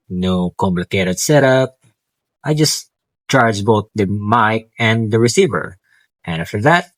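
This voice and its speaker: Talking through the tech in his home, this male student vlogger sounds keen and casual, now and then stumbling and starting over. His lowish voice comes through a clip-on wireless mic in a dry recording.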